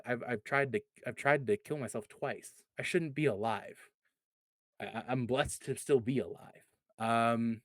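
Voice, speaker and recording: A man in his thirties speaking earnestly and reflectively in a casual podcast chat, pausing and restarting his sentences often. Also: mid-range voice, a bit bright, no echo, studio quality. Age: 30s.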